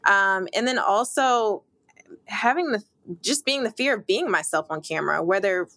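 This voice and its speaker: A woman's voice: mid-range voice, expressive, normal speed, sharp tone, no room sound. A young woman sports reporter, interviewed, talking in upbeat, emphatic bursts with occasional laughs.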